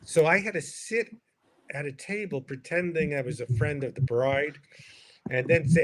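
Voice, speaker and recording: A man's voice: mid-range voice, lively intonation, normal speed, a crowd in the background. An older man, a comedian, telling a rambling self-deprecating story on a livestream call, full of restarts. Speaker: comedian, stream co-host. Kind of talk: casual storytelling chat. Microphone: livestream video call mic. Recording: noisy stream audio.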